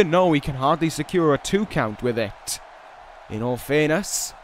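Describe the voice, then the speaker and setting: A man commentating a wrestling video game in a slightly high voice. He rambles casually between matches with restarts and fillers, then rises into excited calls when the big moves land. Faint noise sits behind him. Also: measured pace. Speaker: gaming video host.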